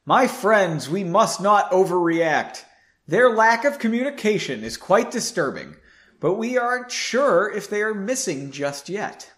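A man voicing a stern male mage leader who speaks formally and booms orders. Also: big pitch swings, normal speed, a bit bright. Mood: commanding. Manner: booming, formal.

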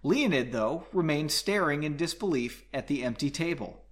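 A man's voice: fairly high pitch, animated, normal speed, hardly any pauses. A man casually reading a fantasy novel aloud at home on a couch, with jokey asides between passages. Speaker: audiobook reader.

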